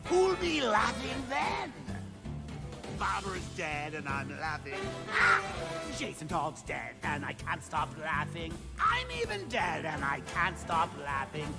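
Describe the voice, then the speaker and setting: A man singing in the voice of a gloating, manic clown villain, cackling between lines, over a loud backing track. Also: fairly high pitch, sing-song, slow pace, vocal fry, loud music behind the voice, exaggerated voice. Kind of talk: sung villain song.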